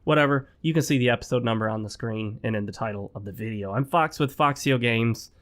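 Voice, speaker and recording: Male gaming host at home, a little sick, rambling and opinionated, mid-pitched voice. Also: fairly quick, fairly bright tone. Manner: rambling, opinionated, talks straight to viewers. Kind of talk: casual gameplay commentary.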